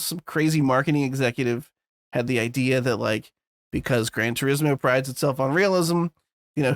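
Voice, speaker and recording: A man's voice: fairly high pitch, no echo, studio quality. A man co-hosting a podcast in a loose, laughing, casual chat, swearing freely. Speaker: podcast co-host.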